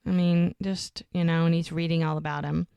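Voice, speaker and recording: A woman co-hosting a podcast, retelling scenes in a casual, animated chat. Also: lowish voice, brisk, vocal fry, smooth, no room sound. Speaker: podcast co-host. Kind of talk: casual rewatch recap chat.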